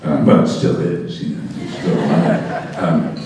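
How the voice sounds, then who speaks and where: Deep-voiced man telling stories in an echoey hall. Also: little pitch movement, unhurried, background noise. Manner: wry, amused storytelling. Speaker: education speaker. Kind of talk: storytelling talk to an audience. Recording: echoey hall, distant mic.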